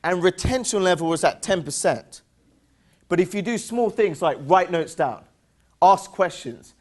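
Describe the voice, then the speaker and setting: High-pitched, upbeat English man presenting. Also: expressive, a little slow, darkish tone. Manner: upbeat, drills the crowd with call-and-response questions; playful, teasing jokes. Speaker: seminar presenter. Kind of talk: interactive motivational seminar talk.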